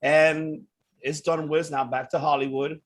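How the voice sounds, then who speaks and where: Husky-voiced man hosting a podcast. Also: fairly high pitch, flat delivery, unhurried. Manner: laughing, easygoing, hands over turns. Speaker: podcast host. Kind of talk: casual podcast chat.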